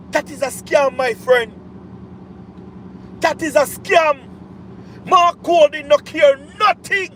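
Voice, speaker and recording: Jamaican guy ranting on a livestream, real high voice, slow and pushy, keeps asking you understand me. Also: fairly bright tone, slight background noise, rough recording. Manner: emphatic and repetitive, with rhetorical check-ins. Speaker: political commentator. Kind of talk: livestream commentary.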